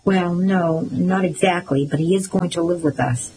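A woman's voice: fairly low pitch, moderate pace, warm tone, slight background noise, lightly acted, rough recording. A woman voicing a kind, patient father in a storybook reading. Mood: gentle. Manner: soothing, patient. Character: gentle caring father, guardian.

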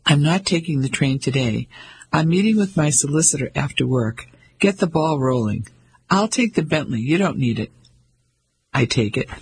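A man with a raspy voice playing a pompous, patronizing English husband in his fifties who blusters hastily. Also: a little high, animated, moderate pace, slight background noise, rough recording. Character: pompous 55-year-old English banker husband.

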